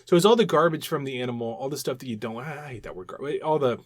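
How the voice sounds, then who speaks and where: A man co-hosting a podcast in casual chat, animated and rambling, often repeating words as he explains. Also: mid-range voice, rapid-fire, no echo, studio quality. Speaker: podcast co-host.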